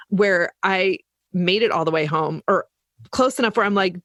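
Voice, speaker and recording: A woman's voice: fairly low pitch, fairly quick, fairly bright tone, no echo. A woman co-hosting a podcast, telling work stories in a chatty casual way. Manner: chatty anecdotal storytelling. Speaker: podcast co-host, lactation consultant.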